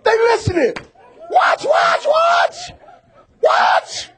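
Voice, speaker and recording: A male pastor preaching a sermon, talking animatedly to his congregation and often bursting into shouts. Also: extremely high pitch, wildly swooping pitch, extremely slow, creaky, a faint crowd, slight background noise.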